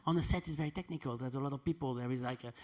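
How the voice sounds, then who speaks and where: A man's voice: mid-range voice, racing, darkish tone. A man interviewing an actress, asking admiring questions with some hesitant fillers.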